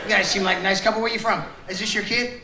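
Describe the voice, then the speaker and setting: A man's voice: high-pitched, fairly even intonation, quick pace, very noisy. A middle-aged man doing stand-up comedy, joking with and teasing the audience. He speaks into a stage mic in a large theater. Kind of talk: stand-up comedy with crowd work. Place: large theater on a cruise ship. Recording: echoey theater, loud crowd laughter. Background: audience laughing.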